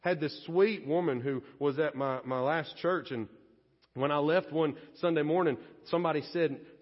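A man's voice: on the high side, moderate pace. A man preaching a sermon as pastor, folksy and conversational, acting out little everyday scenes. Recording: dull lo-fi audio with long church reverb.

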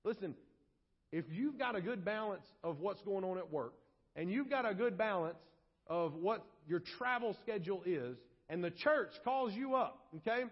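A male pastor preaching a sermon, animated and acting out quoted voices. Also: high-pitched, moderate pace, in a large hall. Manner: animated, acts out quoted voices and shouts for effect. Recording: dull lo-fi sermon audio.

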